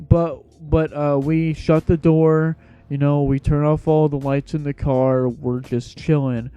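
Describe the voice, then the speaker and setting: Young man, casual storytime, slangy and rambling, mellow dark voice, faint music behind. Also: on the high side, steady tone, a little slow, clean tone. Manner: slangy, laid-back rambling.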